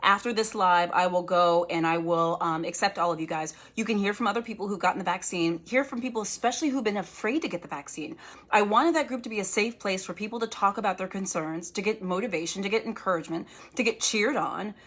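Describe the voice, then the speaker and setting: A woman's voice: medium pitch, fast talker, fairly bright tone. A woman doctor hosting a casual livestream, talking earnestly and encouragingly to her viewers, at times turning stern.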